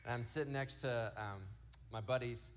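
A man's voice: mid-range voice, a little hiss or hum. A man in his thirties preaching a sermon, telling family stories and acting out what kids say. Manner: storytelling, acts out quotes from kids; slow emphatic lists. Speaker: pastor.

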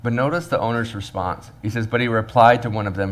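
A man's voice: medium pitch, fast talker, hardly any pauses, a little hiss or hum. A man, a pastor preaching a sermon and acting out the workers with humor. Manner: animated, acts out the workers' voices with humor.

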